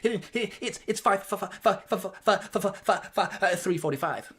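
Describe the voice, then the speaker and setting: A man's voice: high-pitched, measured pace, fairly bright tone, pitched above the performer's own voice. A man voicing a flustered, stuttering cartoon pig.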